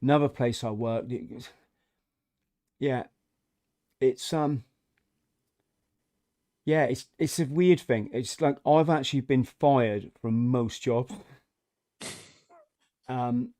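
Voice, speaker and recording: Guy hosting a chat, mid pitch, halting and frank, lots of restarts. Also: mellow. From England. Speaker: podcast host. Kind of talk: casual chat.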